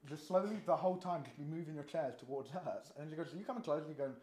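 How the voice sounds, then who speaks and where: A man's voice: a little high, fast talker, dark tone, echoey room. A man joking around as a guest in casual chat, teasing and playful. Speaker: guest friend.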